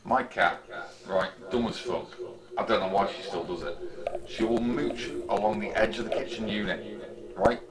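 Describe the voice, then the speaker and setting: A man's voice: on the low side, normal speed, a crowd in the background, low-quality recording. A man chatting casually on a live stream, telling sweary, laughing anecdotes. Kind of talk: casual chat.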